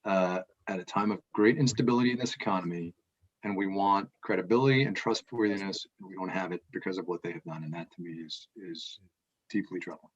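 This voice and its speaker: Male co-host, low voice, emphatic and animated delivery, lo-fi dull recording. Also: brisk, husky. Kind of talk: casual news chat.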